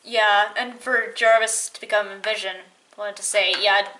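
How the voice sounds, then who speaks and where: A woman co-hosting a casual movie chat, enthusiastic and quick to laugh. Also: medium pitch, flat delivery, bright, forceful tone, a little hiss or hum. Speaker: co-host.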